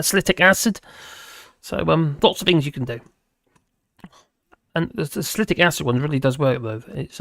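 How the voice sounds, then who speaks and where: A man's voice: a little high, a bit bright, no echo, clean studio sound. A man hosting a live stream, chatting casually with viewers and rambling between topics while laughing often.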